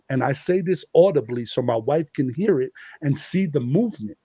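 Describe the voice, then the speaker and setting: A man from the Bronx, New York, tells his story with lively energy and acts out his own past words. His voice sits at a medium pitch. The recording is dry and close, with no room sound. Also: a little fast, few pauses, no room sound. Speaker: guest, contactee and hip-hop artist. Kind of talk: animated personal storytelling.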